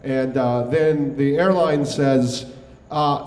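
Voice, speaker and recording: A young man from New York, his voice a little high and darkish in tone at a normal speed, performs live comedic storytelling. His on-stage tale is wry and chatty, full of casual swearing, and the hall recording is echoey.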